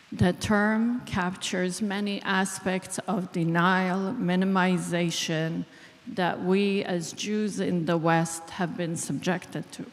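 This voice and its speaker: An Israeli woman, a clinical psychologist, giving a deliberate speech to an audience. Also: fairly low pitch. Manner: slow, deliberate, emotional at moments. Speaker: clinical psychologist, event organizer. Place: large hall. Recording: long reverb of a large hall.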